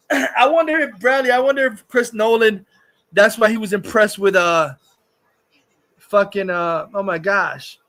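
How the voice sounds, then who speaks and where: A man's voice: high-pitched, a little slow, fairly bright tone. A man hosting a livestream, ranting crudely and rambling about movies, laughing often. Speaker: streamer host. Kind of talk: casual livestream rant.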